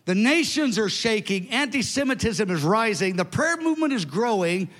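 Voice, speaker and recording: Older male preacher, 70s, high voice, emphatic storytelling, big echoing sanctuary. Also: moderate pace. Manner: animated, emphatic, conversational asides. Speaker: pastor. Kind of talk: sermon storytelling. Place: large church hall. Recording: long hall reverb.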